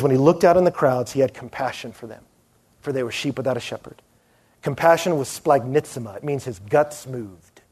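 A man giving a conversational conference sermon, dropping to a hushed voice to stress a point. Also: on the high side, breathy edge. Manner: conversational preaching, drops to a hushed voice for emphasis. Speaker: pastor.

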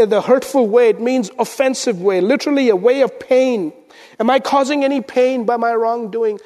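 A man preaching a sermon as pastor, swinging between loud emphasis and hushed, intense lines. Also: very high-pitched, moderate pace. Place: church sanctuary. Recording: church sanctuary with long reverb.

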